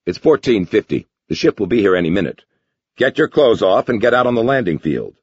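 A man voicing a brisk male army major giving firm, clipped instructions in a dull lo-fi recording. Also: fairly low pitch, big pitch swings, husky, dry recording, voice pushed up. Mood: urgent.

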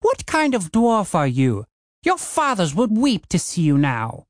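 A woman's voice: medium pitch, huge pitch swings, unhurried, no room sound, clean studio sound, voice pushed up. A man voicing a fierce, proud female dwarf warrior who speaks in an indignant, declamatory way.

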